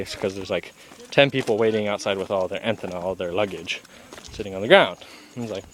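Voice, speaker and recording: A man's voice: lowish voice, fast talker, slight background noise. A young man, a travel vlogger, telling a story in a casual, laid-back way, full of "like" and acted-out quotes.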